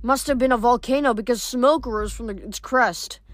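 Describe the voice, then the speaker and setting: Woman, novel reader, steady reading, small slips, slightly high voice. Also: moderate pace, hardly any pauses, dry recording, faint music behind. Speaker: audiobook reader.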